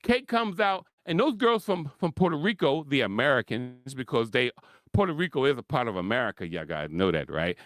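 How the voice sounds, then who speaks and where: A man's voice: mid-range voice, sing-song, brisk, a bit bright, no room sound, studio quality. A man hosting his own sports commentary, ranting his opinions with frequent laughs and repeated points for emphasis. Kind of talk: opinionated solo sports rant.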